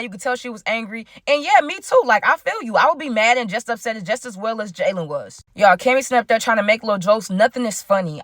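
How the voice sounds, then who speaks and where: A woman tells a story at a quick clip, animated and speaking straight to her viewers. Her voice sits a little high. The recording is dry and close. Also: no room sound. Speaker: storytime vlogger.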